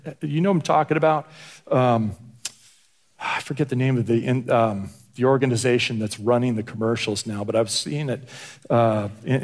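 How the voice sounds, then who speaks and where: A man's voice: mid-range voice, darkish tone. A man preaching a conversational sermon as pastor, often stumbling and repeating words as he talks. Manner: stammering repetitions, conversational.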